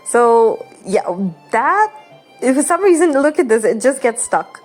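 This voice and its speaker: This young woman runs a game channel, and her high, darkish voice is very animated but unhurried. Game music plays as she chats and rambles through gameplay, laughing often and acting mock-exasperated.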